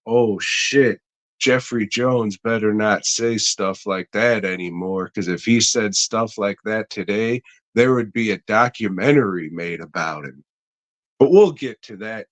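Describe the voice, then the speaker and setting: A man's voice: on the low side, fairly bright tone. A man co-hosting a podcast, casually retelling a movie plot in a rambling, profane way with frequent laughs. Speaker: podcast co-host.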